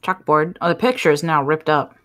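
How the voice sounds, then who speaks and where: A woman's voice: low-pitched, fairly quick. A woman streaming a game, chatting casually, swearing freely and reading in-game text aloud. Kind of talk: casual co-op gameplay chat.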